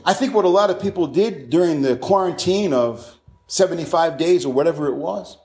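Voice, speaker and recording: High-voiced fervent male preacher. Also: brisk, darkish tone. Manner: fervent preaching, quoting scripture with emphatic repetition. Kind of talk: sermon.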